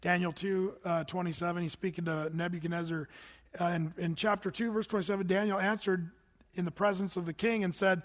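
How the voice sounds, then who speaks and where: Man, middle-aged pastor, high voice, lively joking sermon, long hall echo. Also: fairly quick. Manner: animated, conversational preaching with humor.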